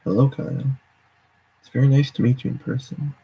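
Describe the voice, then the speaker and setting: A man voicing a rotting zombie with a dry, coarse croak and deadpan sarcasm. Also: mid-range voice, fairly quick, muffled recording. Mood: deadpan sarcastic.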